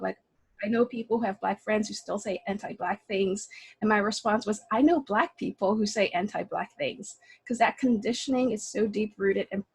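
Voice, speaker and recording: A reflective woman talking as a panelist over a video call. Her voice is husky and a little breathy, and her pitch sits in the middle. The sound is dry, with no room echo. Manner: reflective, frequent restarts and fillers. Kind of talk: casual panel discussion.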